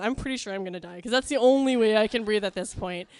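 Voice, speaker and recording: A woman's voice: on the high side, fast, darkish tone, smooth, no room sound. A woman telling a funny personal story to a live crowd in a chatty, wry, self-mocking way, with plenty of ums.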